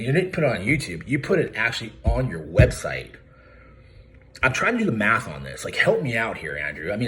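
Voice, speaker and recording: A man's voice: on the low side, a bit bright, slight background noise. A man ranting straight to camera in a profane, confrontational, mocking way, calling out someone by name. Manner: addresses the target directly by name. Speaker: YouTuber calling out a credit repair business. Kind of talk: angry direct-to-camera vlog rant.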